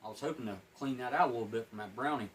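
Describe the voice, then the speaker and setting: His mid-range voice races along, captured on poor audio with slight background noise. The MRE reviewer, plain-spoken and rambling, eats and smokes during his casual food review, sometimes talking with his mouth full.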